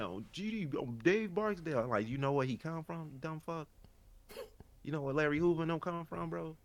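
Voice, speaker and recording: A man with a Chicago accent co-hosting a podcast, telling stories in a loose, profane, slang-heavy way. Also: mid-range voice. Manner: animated, profane storytelling with slang. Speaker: podcast co-host. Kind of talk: casual chat.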